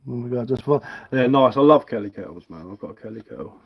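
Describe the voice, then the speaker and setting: A man chats easily on his live stream, wandering from one thought to the next and laughing at himself. His voice sits at an ordinary middle pitch. The stream sound is a bit dull and muffled. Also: fast, gravelly, slightly rough. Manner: relaxed, rambling, self-mocking. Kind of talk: casual chat while carving. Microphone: headphones with mic.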